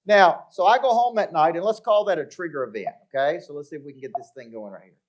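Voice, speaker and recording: A man's voice: a little high, quick pace, a little mellow, lo-fi sound. A middle-aged man giving a live motivational talk to an audience, telling stories with acted-out dialogue and checking in with the crowd. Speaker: motivational speaker. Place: live event before an audience.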